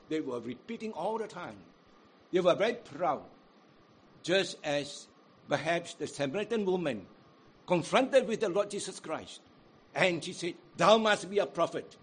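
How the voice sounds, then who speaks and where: Male preacher, high husky voice, measured delivery, dramatic quotes. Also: expressive. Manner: dramatic quoting of crowds, rising and falling emphasis; sings hymn unaccompanied. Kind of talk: sermon.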